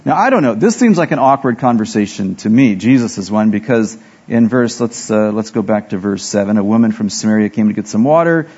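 A man's voice: on the low side, lively intonation, a little fast, darkish tone, breathy edge, muffled recording. A man preaching a sermon as pastor, telling self-deprecating stories and acting out the dialogue.

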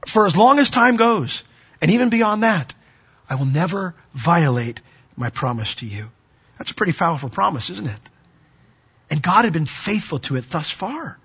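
A man preaching a sermon as pastor, animated, his voice rising for emphasis and dropping to a hush. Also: on the high side, husky, lo-fi sound.

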